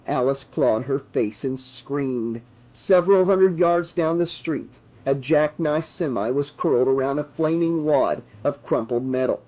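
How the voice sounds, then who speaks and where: A man reading a horror novel aloud as an audiobook narrator, in measured, dramatic narration. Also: fairly high pitch, warm tone, muffled recording.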